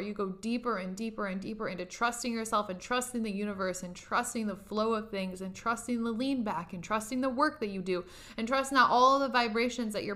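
A woman's voice: medium pitch, sharp tone. A young woman hosting a podcast, giving a casual motivational talk, emphatic and profane, often laughing. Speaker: podcast host.

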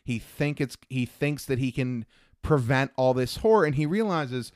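A man's voice: medium pitch, animated, normal speed, darkish tone, dry recording, studio quality. A young man chatting as a podcast co-host, enthusiastic and acting out quoted lines. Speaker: podcast co-host discussing films. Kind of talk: casual chat.

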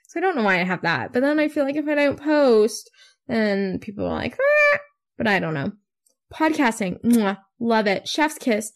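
A teenage girl hosting her own podcast, rambling in a bubbly, self-mocking way and swearing casually. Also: mid-range voice. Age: teens. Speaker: podcast host. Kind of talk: casual solo podcast chat.

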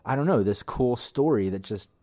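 A man's voice: mid-range voice, expressive, moderate pace, dark tone. A man co-hosting a tabletop game podcast in casual chat, enthusiastic and rambling. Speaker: podcast co-host and game master.

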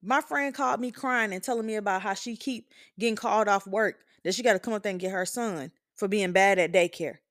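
A woman's voice: mid-range voice, fairly quick, hardly any pauses. A woman in her twenties hosting a show, giving a candid, blunt and profane opinion monologue. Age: 20s. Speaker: podcast host.

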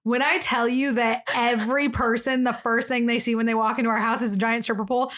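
A young woman co-hosts a podcast and spins a story in casual chat. Her voice sits a little high, and she is animated, laughing often and putting on voices for the people in her tale. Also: quick pace. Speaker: podcast co-host.

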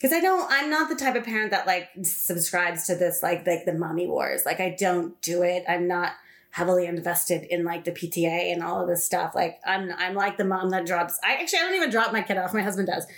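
A woman chatting casually about a book and parenting, animated and quick to laugh. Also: fairly low pitch. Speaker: podcast guest. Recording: roomy echo.

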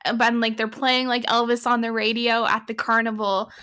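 A woman's voice: fairly high pitch, flat delivery, normal speed, sharp tone, clear, resonant tone. A woman hosting a casual film-review podcast, chatty and enthusiastic as she shares her opinions. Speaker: podcast host.

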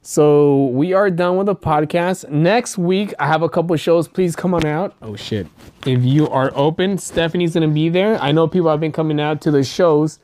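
A woman's voice: deep voice, moderate pace, warm tone. A young woman hosting a podcast, telling stories in loose, profane casual chat with lots of laughter. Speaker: podcast host.

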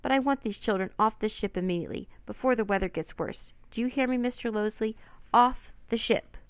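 A woman voicing a gruff, impatient male ship captain who gives commands. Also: medium pitch, fast talker, dry recording, close to an everyday voice. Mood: angry.

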